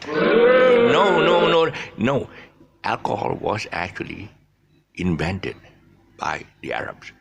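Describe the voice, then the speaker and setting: Gravelly man teaching with lively pitch. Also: slight background noise. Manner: rambling, many fillers and restarts, laughs at himself. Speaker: English teacher. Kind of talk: casual spoken lesson.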